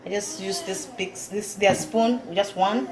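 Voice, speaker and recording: A woman's voice: mid-range voice, steady tone, unhurried. A woman, a mother of twins, chatting casually as she shows how she feeds her baby at home. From Africa. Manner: chatty, repeats "you see", laughs often. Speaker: mother of twin babies. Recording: roomy with faint noise.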